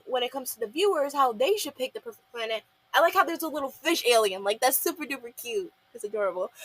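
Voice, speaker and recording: Rambling through a cartoon episode review, this young woman leans on lots of fillers and performs the characters' quotes herself. She has a fairly high, slightly bright voice on a dry recording.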